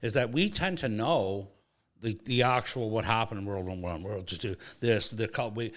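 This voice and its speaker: A man's voice: on the low side, normal speed. A man hosting a sports podcast, telling a casual anecdote with swearing and acted-out quotes. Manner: animated, swearing, acts out voices in anecdotes. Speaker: podcast host. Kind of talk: casual storytelling chat.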